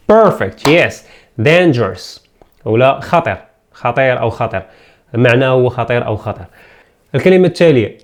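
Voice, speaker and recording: A man teaching English pronunciation, repeating each word and asking learners to say it back after him. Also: mid-range voice. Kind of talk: pronunciation drill lesson.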